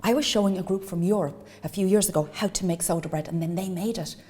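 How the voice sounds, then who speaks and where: A woman's voice: on the low side, quick pace, warm tone, in a large hall. An Irish woman teaching a baking lesson, chatty and enthusiastic as she gives tips and little asides while she works. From Ireland. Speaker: cooking teacher. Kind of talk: cooking demonstration.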